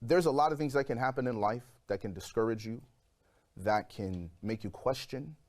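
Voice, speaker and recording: A man in his forties, a guest telling his personal story in an interview, lively and acting out the voices of people in it. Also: medium pitch, normal speed. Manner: animated storyteller, acts out quoted voices.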